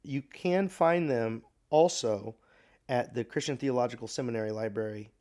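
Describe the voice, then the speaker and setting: A man teaching a recorded Bible class, speaking thoughtfully with pauses, restarts and fillers. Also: medium pitch, a little mellow.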